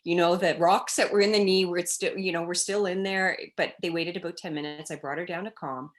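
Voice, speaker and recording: Woman telling an animated story. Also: lowish voice, brisk. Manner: animated storytelling, acting out children's cries in quotes. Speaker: child development expert guest. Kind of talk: storytelling in a conversational interview.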